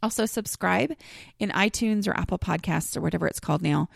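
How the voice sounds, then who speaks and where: A woman with a lowish, creaky voice speaks a little fast as she hosts her own podcast. Her talk is casual and wandering, full of fillers and restarts, captured in a dry, studio-quality recording.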